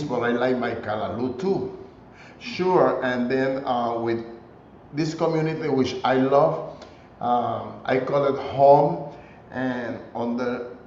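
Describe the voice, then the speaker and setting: An older man speaks in a loose, conversational way, pausing often as he works through his story. His voice comes across a little dull and muffled, set in a roomy space with faint noise behind it. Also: medium pitch. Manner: relaxed storytelling with frequent hesitations. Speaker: guest. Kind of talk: conversational interview.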